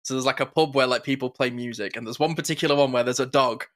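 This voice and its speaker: A man's voice: mid-range voice, quick pace, fairly bright tone. A man co-hosting a podcast, chatting enthusiastically about things that stuck with him. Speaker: podcast co-host. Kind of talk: casual chat.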